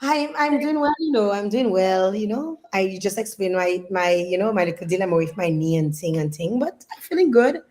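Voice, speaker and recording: A woman with a Dominican accent, in her thirties, hosting a live online show in an animated, chatty way and greeting viewers. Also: mid-range voice, moderate pace, hardly any pauses. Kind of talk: lively live-stream chat.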